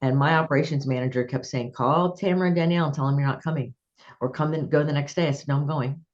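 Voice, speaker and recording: A woman's voice: low voice, fast talker, darkish tone. Woman host telling stories, lo-fi sound. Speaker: podcast host. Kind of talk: conversational interview.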